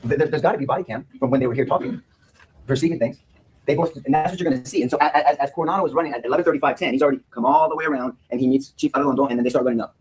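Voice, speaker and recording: A man's voice: mid-range voice, racing, darkish tone, breathy edge, poor audio. A man speaking as a defense attorney in a courtroom, giving an earnest opening statement to a jury and often repeating words as he restarts his sentences.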